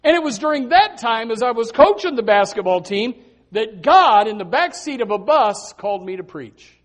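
A man preaching a sermon, telling stories with animated emphasis and a lot of repetition. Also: extremely high pitch, moderate pace.

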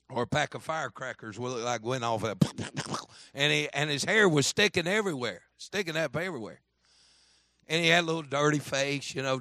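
A man's voice: on the high side, pushed and bright, no echo. A man pastor preaching a sermon, telling a story and acting out the voices, with frequent "amen?" asks to the congregation. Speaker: Baptist pastor.

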